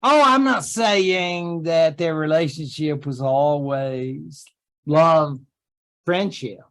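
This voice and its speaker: A man lecturing on history to his class, speaking slowly and taking his time. His voice sits a little high, and he keeps things chatty, dropping in jokey asides and quick made-up quotes. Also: a bit bright.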